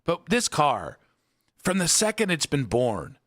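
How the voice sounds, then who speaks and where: A man's voice: a little high, unhurried. A man in his forties hosting a sports radio show, telling joking stories in casual banter from a studio. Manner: animated, joking storyteller.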